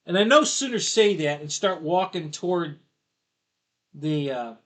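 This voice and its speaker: A man's voice: a little high, animated, measured pace. A middle-aged man hosting a live stream, rambling through a casual story and laughing at his own jokes. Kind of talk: casual chat.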